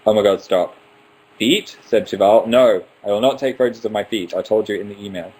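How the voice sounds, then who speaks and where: A young man with a lowish voice runs a casual livestream Q&A from home, picking up viewer questions and answering each one briskly. His tone is chatty and playful, with a few joking asides. The sound comes from a simple computer microphone. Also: a little mellow, slightly rough, poor audio. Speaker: livestream host. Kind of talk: casual live Q&A.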